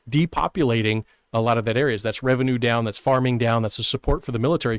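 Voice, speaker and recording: A man talks history in a quick, lively stream host's voice, full of asides and little chuckles. He sits close to the mic, and the sound is dry, with no room in it. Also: mid-range voice, no echo. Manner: fast, conversational, with chuckles and many "right?" asides. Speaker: history show host. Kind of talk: casual live-stream history talk.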